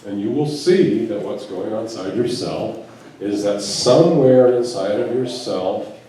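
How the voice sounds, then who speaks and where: A man's voice: fairly low pitch, measured pace, dark tone. A man giving a spiritual talk to a live audience, telling stories with quoted dialogue and rhetorical questions. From United States. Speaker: spiritual teacher and physician. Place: large echoey event room. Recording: echoey room from a distance with faint background noise.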